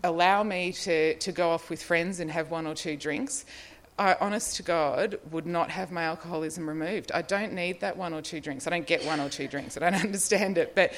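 A woman's voice: lowish voice, normal speed, a little hiss or hum. A middle-aged Australian woman in recovery, telling her own story in a rambling, self-deprecating way with frequent little laughs and fillers. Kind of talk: personal testimony, casual storytelling.

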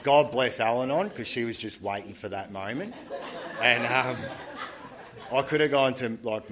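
A man giving a candid, halting personal testimony to a group at a recovery meeting, often restarting his sentences. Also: low-pitched, sharp tone. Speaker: speaker sharing at a recovery meeting.

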